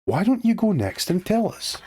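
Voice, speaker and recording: A man voicing a kind, encouraging young woman from a storybook, lifting his voice high. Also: sing-song, normal speed, warm tone, husky, dry recording, exaggerated voice.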